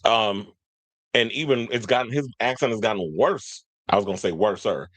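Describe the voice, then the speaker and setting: This host of casual entertainment news commentary has a fairly low, slightly bright voice at a normal speed, recorded with no room sound. He reads stories aloud and chats with viewers and the live chat in rambling, slangy talk, losing his train of thought.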